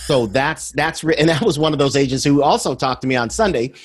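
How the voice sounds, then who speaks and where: An emphatic man in his thirties or forties, talking casually as a podcast guest. He tells stories with lively swings in his voice and often restarts or repeats words to press a point home. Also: mid-range voice, brisk. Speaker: podcast guest, sales manager.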